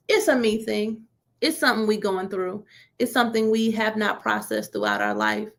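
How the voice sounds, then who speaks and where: Speaking at a moderate pace in a mid-range voice, this woman leads a church teaching session like a casual chat. Her sermon is colloquial and loose in grammar, built on a string of rhetorical questions to the listeners.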